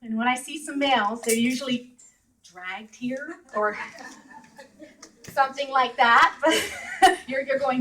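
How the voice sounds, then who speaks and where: A woman's voice: high-pitched, a little slow. A middle-aged woman from Canada giving a talk to a live audience at an event, chatty and often laughing. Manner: chatty, laughs often, voice rises when animated. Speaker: guest speaker. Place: event hall. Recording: distant mic in a hall.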